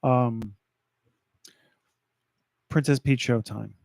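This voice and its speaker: A man's voice: mid-range voice, fairly even intonation, very slow, vocal fry, darkish tone, no room sound. A man co-hosting a casual podcast, making hesitant, unsure guesses. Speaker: podcast co-host.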